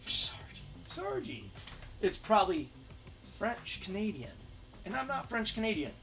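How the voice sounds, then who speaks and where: A man's voice: sits high, very animated, moderate pace, a bit bright, distant mic, soft background music. Chatty man counting hockey cards aloud. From Michigan, United States. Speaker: hockey card collector, channel host. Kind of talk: casual card-sorting commentary.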